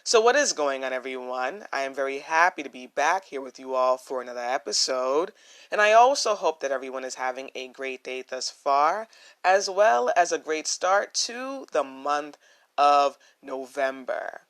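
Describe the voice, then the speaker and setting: A young woman with a naturally low voice, hosting a solo podcast, earnest and reflective, often repeating her phrases for emphasis. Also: expressive, normal speed, a bit bright. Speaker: podcast host.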